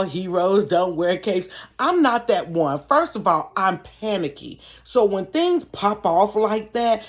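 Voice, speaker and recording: A woman vlogger telling a story to her viewers in a casual, animated way, often laughing. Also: medium pitch. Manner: animated, chatty, frequent laughter, addresses viewers. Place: bedroom.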